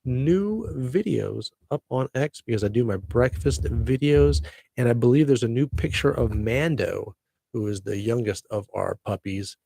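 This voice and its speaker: A man's voice: medium pitch, a little slow, creaky, warm tone, husky, dry recording. A middle-aged man hosting his own podcast, chatty and upbeat with jokey asides. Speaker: podcast host. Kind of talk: casual solo podcast chat.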